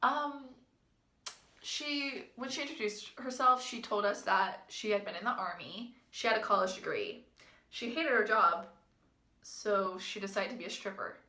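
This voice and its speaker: A woman's voice: mid-range voice, measured pace, sharp tone. A woman vlogger telling a story in a chatty, amused way, full of fillers. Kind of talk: casual storytime vlog. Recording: echoey room.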